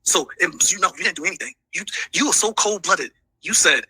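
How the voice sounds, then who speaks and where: A man's voice: high-pitched, animated, fast, creaky, bright, forceful tone, slightly rough, no room sound, poor audio. A sick man ranting heatedly, lecturing with profanity and a lot of repetition. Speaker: streamer being reacted to. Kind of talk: heated rant.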